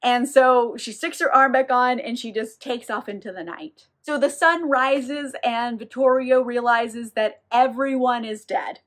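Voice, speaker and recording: A chatty woman with a slightly high voice retells a novel's plot in a loose, irreverent way. She swears casually and slips into quick voices for the characters. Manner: chatty, irreverent, swears freely, acts out quoted lines. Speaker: book reviewer. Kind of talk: casual book recap.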